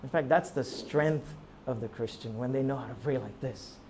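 A man preaching a sermon, rising to near-shouts and falling low, often asking the congregation rhetorical questions. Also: normal speed, slight background noise. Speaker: pastor.

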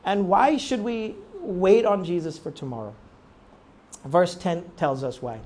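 A man preaching a sermon in a conversational way, asking rhetorical questions and swinging from quiet reflection to emphatic urging. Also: sits high, a little slow. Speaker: pastor.

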